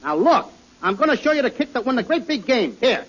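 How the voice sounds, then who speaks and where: A male comedian in 1940s radio comedy, whiny and excitable, often breaking into yells. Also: extremely high pitch, a little fast. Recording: hissy muffled old radio broadcast.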